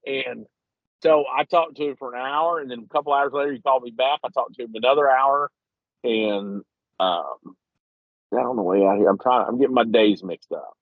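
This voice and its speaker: A man in his 50s from Missouri, a regular guest on a podcast, calls in by phone to tell a long, rambling, self-deprecating story. His voice sits in the mid range at a normal speed, with no echo. The call-in audio is muffled and lo-fi.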